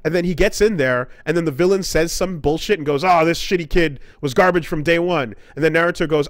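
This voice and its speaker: Male podcast co-host, slightly higher voice, animated profane ranter, dead-dry studio sound. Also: fairly quick, hardly any pauses, no echo. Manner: animated, profane, acts out character quotes in sudden high voices. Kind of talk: casual podcast rant.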